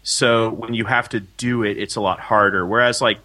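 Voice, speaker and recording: A man's voice: on the low side, steady tone, normal speed, sharp tone. A man in casual chat who rambles, filling his talk with "like" and "you know".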